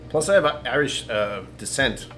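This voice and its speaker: A man's voice: mid-range voice, animated, normal speed, a bit bright, soft background music. A man hosting a casual whiskey-tasting livestream from his apartment, rambling, talking to himself and chuckling often.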